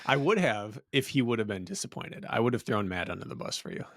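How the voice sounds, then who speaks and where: A man's voice: lowish voice, lively intonation, fast talker, a bit bright, no room sound, clean studio sound. A man co-hosting a running podcast, a father, teasing his co-host and laughing often, then explaining the topic with conviction. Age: adult father. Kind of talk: casual podcast banter and topic intro.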